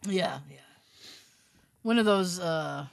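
A woman chatting casually on a talk show, acting out quotes with big jumps in pitch. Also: expressive, slow pace, creaky, no room sound. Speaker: co-host. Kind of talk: casual chat.

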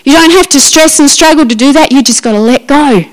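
A woman preaches with lively emphasis, her voice sitting fairly high. She acts out Bible scenes as she goes, pressing points home with repetition. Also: fairly quick, poor audio. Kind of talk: sermon.

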